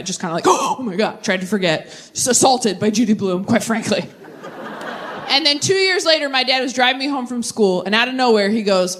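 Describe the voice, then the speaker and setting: A young woman doing stand-up comedy on stage, chatting with the crowd and veering into quick asides. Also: on the high side, slight background noise. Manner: animated, tangent-prone, quick asides to the crowd.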